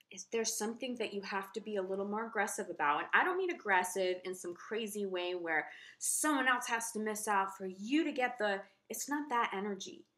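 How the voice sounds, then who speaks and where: A woman's voice: medium pitch, bright, forceful tone. A woman giving a casual, earnest tarot horoscope reading, reassuring and repeating herself. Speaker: tarot reader.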